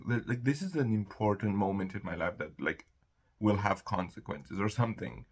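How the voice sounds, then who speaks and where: Gravelly young man rambling to camera. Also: lowish voice. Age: young adult. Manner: rambling, animated, quick quoted voices, laughs easily. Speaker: vlogger. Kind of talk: casual solo monologue.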